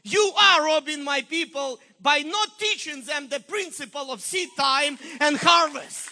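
A man's voice: very high voice, unhurried, bright, forceful tone, slight background noise, exaggerated voice. A man voicing God, speaking firmly and insistently to a pastor.

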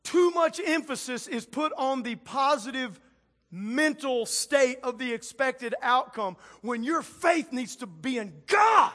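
High-voiced, bright male preacher. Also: slow pace. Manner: energetic, casual preaching with slang asides. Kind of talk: sermon.

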